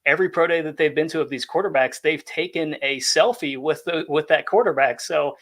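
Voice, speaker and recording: A man with a slightly higher voice explains his points in a calm, measured way. He talks in casual podcast chat. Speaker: football draft analyst.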